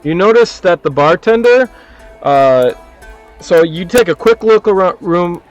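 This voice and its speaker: A man running a tabletop game as game master, describing scenes in a loose, casual way with lots of fillers. His voice sits a little high for a man. Faint music plays in the background. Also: lively intonation, measured pace, lo-fi sound.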